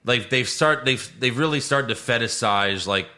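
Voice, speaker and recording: Guy ranting about a movie, swears a lot, voice shoots up high when he's mad, bright tone. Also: normal speed. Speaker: podcast co-host. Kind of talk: casual movie review chat.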